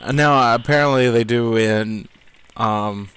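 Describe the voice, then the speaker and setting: A man's voice: mid-range voice, measured pace, fairly bright tone, clear, resonant tone, rough recording. A man co-commenting on a let's play, rambling through goofy banter. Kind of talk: casual gameplay commentary.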